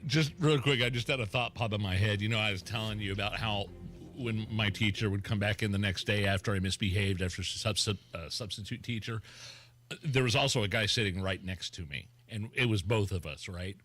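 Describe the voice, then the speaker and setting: Bright, excitable middle-aged radio co-host. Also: male voice, fairly low pitch, fairly quick. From Indiana. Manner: excitable storyteller. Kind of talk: casual radio banter.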